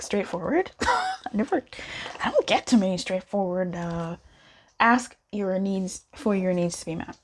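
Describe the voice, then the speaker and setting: A woman's voice: mid-range voice, slight background noise. Playful woman doing a tarot reading. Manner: playful, chatty, bickers aloud with spirit. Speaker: tarot card reader. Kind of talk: casual pick-a-card tarot reading.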